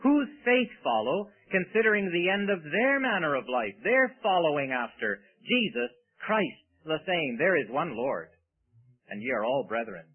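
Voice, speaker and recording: Male preacher, emphatic sermon with rhetorical questions, a very animated pitch, tinny radio sound. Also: moderate pace, slightly rough.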